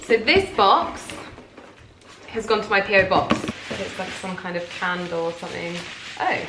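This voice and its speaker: A woman's voice: medium pitch, moderate pace, noisy background. Bubbly woman unboxing at home. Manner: gushing, bubbly, excitable. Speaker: lifestyle vlogger. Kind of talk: casual unboxing vlog. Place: home, indoors. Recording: roomy home recording.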